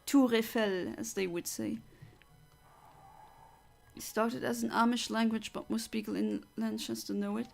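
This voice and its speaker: A woman's voice: a little high, steady tone, a little slow, creaky, pauses often, darkish tone, faint music behind. A woman from Luxembourg, chatting casually as a streamer and reading out viewer comments, reflective with frequent fillers and restarts.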